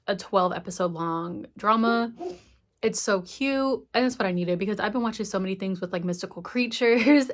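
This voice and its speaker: A woman in her twenties talking in a casual vlog, chatty and giggly, full of "like". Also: medium pitch. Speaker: vlogger.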